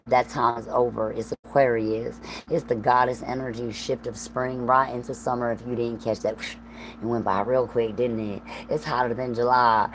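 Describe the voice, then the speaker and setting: A livestream host with a Southern US accent speaks directly to her stream in an unusually low, slightly mellow voice. Her talk is profane and stream-of-consciousness, hopping between thoughts with laughing asides. The recording is rough, with a faint hum underneath.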